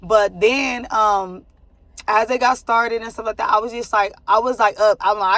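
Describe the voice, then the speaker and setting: A woman's voice: mid-range voice, fairly even intonation, normal speed, fairly bright tone, no echo. A young woman talking to camera in a rambling, casual way, with many likes and ums, telling her followers about her family. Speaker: vlogger giving a life update.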